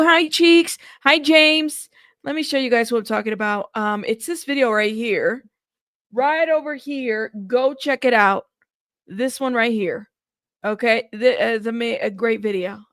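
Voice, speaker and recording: A woman's voice: on the high side, fairly bright tone, dry recording, studio quality. Chatty woman greeting livestream viewers. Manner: chatty, greets viewers by name, laughs often. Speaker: livestream news host. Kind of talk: casual live chat reading comments.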